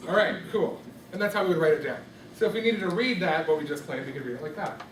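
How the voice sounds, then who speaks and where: A man with a slightly high, expressive voice teaches a music class at a quick pace, patiently quizzing students by name. The recording sounds distant and echoey, with background noise from the classroom.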